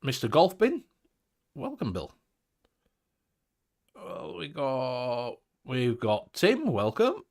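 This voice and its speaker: A man's voice: medium pitch, wildly swooping pitch, slow pace, long pauses. A man hosting a casual livestream chat, joking, swearing freely and greeting viewers by name. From United Kingdom. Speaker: host.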